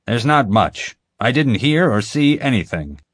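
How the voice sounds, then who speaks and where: A man's voice: mid-range voice, sing-song, a little slow, voice pushed up. A man voicing a blunt, stubborn veterinarian man in an audiobook, dry and dismissive. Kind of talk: audiobook character voice.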